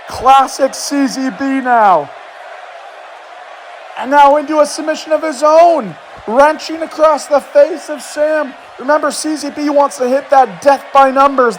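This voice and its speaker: A man doing excited play-by-play wrestling commentary over a video game, often shouting. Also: extremely high pitch. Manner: loud, hyped, often shouting. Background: video game crowd noise.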